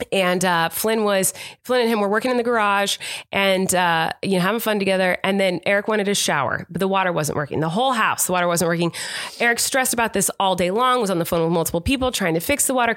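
A woman's voice: medium pitch, a bit bright. A woman co-hosting a podcast, telling a family story in a rambling, affectionate, teasing way. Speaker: podcast co-host. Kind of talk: casual storytelling chat.

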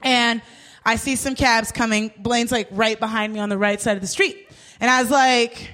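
A young woman in casual chat, telling a story with lots of swearing and acting out what everyone said with big jumps in her voice. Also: moderate pace. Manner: animated, swears freely, acts out quotes with big pitch jumps.

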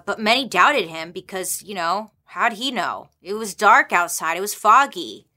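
A young woman casually telling a dark history story, chatty with sarcastic asides. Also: medium pitch.

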